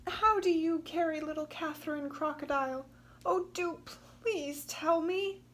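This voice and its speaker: Storybook kangaroo mum, put on by a woman reader, high and sing-song, pleading, unhurried. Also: fairly bright tone. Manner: plaintive, pleading. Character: sad, gentle mother kangaroo. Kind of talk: storybook read-aloud.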